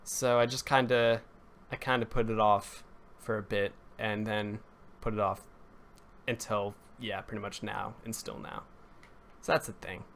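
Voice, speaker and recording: With slight background noise, a young man speaks in a lowish, slightly bright voice that barely moves in pitch, at a measured pace with frequent pauses. He's live-streaming a build, casually rambling and self-correcting while greeting viewers and chatting, his voice occasionally cracking.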